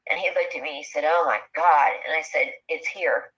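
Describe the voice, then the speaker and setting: A woman telling a personal story in a casual, animated way, acting out what people said. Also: sits low, brisk, muffled recording. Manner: animated, acts out quoted speech. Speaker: guest telling an encounter story.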